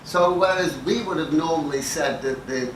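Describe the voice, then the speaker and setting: A man's voice: a little high, normal speed. Profane, wry older man in an echoey hall. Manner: dry, profane, self-mocking storytelling. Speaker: conference speaker. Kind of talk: anecdotal talk to a live audience. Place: lecture hall with audience. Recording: echoey hall, mic at a distance, noisy.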